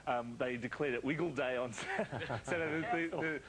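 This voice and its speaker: A man's voice: medium pitch, moderate pace, crowd noise, poor audio. A man, a children's entertainer, speaking earnestly in a live TV interview with many fillers and restarts.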